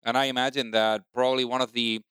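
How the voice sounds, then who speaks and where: A man's voice: medium pitch, flat delivery, quick pace, sharp tone, clear, resonant tone, dry recording, clean studio sound. A man hosting an interview, asking friendly questions and often repeating words as he starts. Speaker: podcast host.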